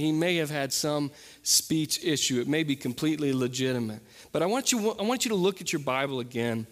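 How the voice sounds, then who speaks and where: A preacher in a reverberant hall. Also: male voice, medium pitch. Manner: preaching earnestly, dropping to soft intensity on key points. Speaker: pastor. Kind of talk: sermon.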